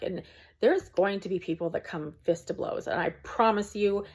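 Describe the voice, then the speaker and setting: A woman's voice: medium pitch, normal speed, a little mellow, breathy edge. A woman, a small content creator, talking to camera from home in an earnest, preachy rant with frequent ums.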